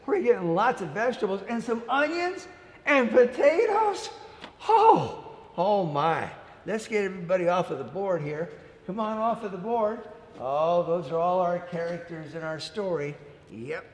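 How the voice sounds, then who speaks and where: Playful male storyteller for small kids, high lively voice, unhurried, boomy reverberant room. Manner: animated, acts out the story with playful character voices. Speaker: children's storytime presenter. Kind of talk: storytelling to young children. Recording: echoey room with long reverb.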